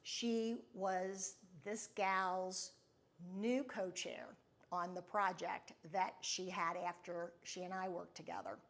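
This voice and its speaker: A woman's voice: fairly low pitch, flat delivery, takes it slowly, gravelly, fairly bright tone. A middle-aged woman hosting a podcast, telling a personal story in a candid, confiding and reflective way. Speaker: podcast host.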